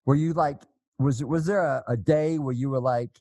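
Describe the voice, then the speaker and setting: A man's voice: on the high side, normal speed, creaky, dark tone, no echo. A man hosting an interview, asking long, chatty, rambling questions. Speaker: interview host.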